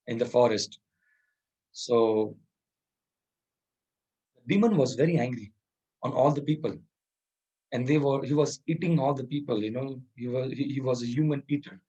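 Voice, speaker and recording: Husky man teaching soft skills. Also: medium pitch, rough recording. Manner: chuckles often, Hindi words mixed into English. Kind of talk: informal lecture with storytelling.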